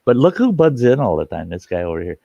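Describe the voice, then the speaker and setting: A man's voice: medium pitch, sing-song, fast talker, gravelly, mellow, no room sound. A man in his sixties hosting a casual live-stream chat, joking and rambling, often repeating his words. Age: 60s. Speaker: host. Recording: dull, dry lo-fi sound.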